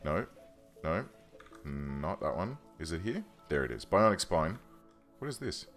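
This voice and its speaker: A man with a low voice narrates his game in a casual, chatty way, his pitch swinging a lot as he thinks aloud. He corrects himself often and keeps up a relaxed running commentary from his desk microphone at home, with faint music underneath. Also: measured pace. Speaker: let's play host. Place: home room.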